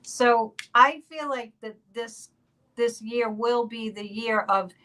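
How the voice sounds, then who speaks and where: A woman's voice: a little high, steady tone, measured pace, sharp tone, poor audio. A woman hosting a casual spiritual podcast, chatty and laughing between remarks. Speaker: psychic podcast host.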